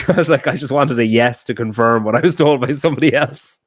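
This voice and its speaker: A man's voice: mid-range voice, animated, quick pace, hardly any pauses, no room sound, studio quality. A man with an Irish accent from the north of Ireland, co-hosting a podcast in a loose, swearing, casual chat. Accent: Irish, Donegal area. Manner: laid-back, swears freely, trails off and restarts. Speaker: podcast co-host.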